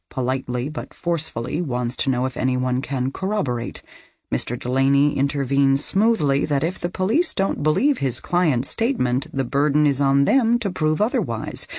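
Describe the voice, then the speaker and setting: Narrator: woman, first-person thriller read, breathy tone, dry close sound, emotional and tense. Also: rumbling low, darkish tone, no room sound. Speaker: audiobook narrator.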